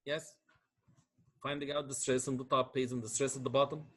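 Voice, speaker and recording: Man lecturing with a husky voice. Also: mid-range voice, flat delivery, fairly quick, a bit bright. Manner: explains step by step, asks checking questions. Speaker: engineering lecturer. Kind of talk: classroom lecture.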